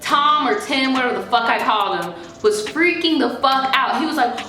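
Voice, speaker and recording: A chatty, foul-mouthed young woman from New York, telling a story with lots of energy. Her voice is bright, a little high and forceful. The room sounds echoey, with faint music behind her. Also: normal speed. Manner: animated, profane, chatty. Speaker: vlogger. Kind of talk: casual storytime. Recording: roomy echo with faint music.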